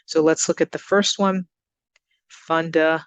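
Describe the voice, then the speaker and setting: A woman teaching English to learners, giving example sentences and repeating words slowly with exaggerated stress. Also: low voice, dry recording. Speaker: ESL teacher. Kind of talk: recorded English lesson.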